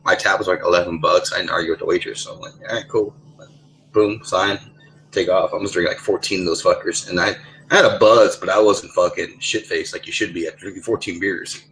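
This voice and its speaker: A man's voice: low-pitched, steady tone, quick pace, a bit bright, slight background noise, poor audio. A young man in a casual online voice chat, telling rambling, profane stories on a headset mic. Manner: rambling, profane, many restarts. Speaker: gamer in voice chat.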